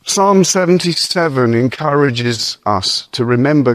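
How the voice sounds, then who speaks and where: An earnest male preacher of middle pitch speaks in a conversational sermon. He reads verses aloud slowly and deliberately, then turns to casual asides and rhetorical questions. The sound is dry and close, with no room around it. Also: animated, no room sound. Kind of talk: conversational sermon with scripture reading.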